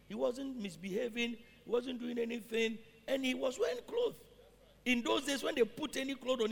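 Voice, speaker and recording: A man's voice: very high voice, expressive, normal speed, creaky, husky, long reverb tail. A man preaching a sermon, reading scripture aloud and then explaining it, often checking that his congregation follows.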